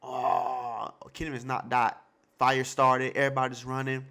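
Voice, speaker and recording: A man's voice: medium pitch, a little slow, gravelly, smooth. Host of a manga reaction channel: a man with a mid-range voice reading panels aloud, hyped and repetitive, slangy and casual. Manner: excited, repeats lines, reads panels aloud; loose slangy casual talk.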